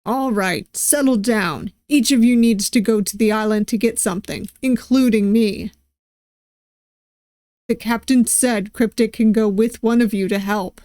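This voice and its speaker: A man's voice: high-pitched, a little slow, a little mellow, no room sound, clean studio sound. A woman voicing a stern male pirate officer who hands out orders to the crew. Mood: commanding.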